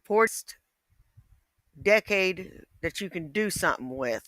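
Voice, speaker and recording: A man's voice: high-pitched, expressive, slow, sharp tone, no echo, studio quality, pitched above the performer's own voice, exaggerated voice. A man voicing a scornful male heckler who trades in blunt, mocking put-downs.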